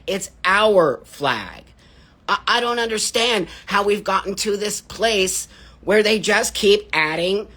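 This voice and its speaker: A man's voice: a little high, pushed and bright. A middle-aged man hosting a livestream, ranting in a heated, profane, confrontational way. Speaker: livestream host. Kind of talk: angry livestream rant.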